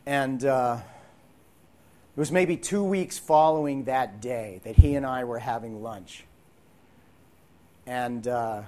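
Hushed, intense male storyteller. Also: mid-range voice. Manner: intense, drops to hushed whispers at moments. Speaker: actor sharing a faith testimony. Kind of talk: dramatic personal storytelling.

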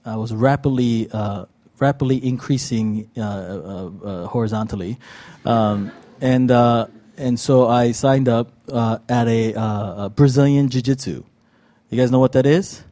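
A man's voice: mid-range voice, a little slow, warm tone. A middle-aged man preaching a sermon in a casual, self-deprecating storytelling way, with lots of fillers. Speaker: pastor.

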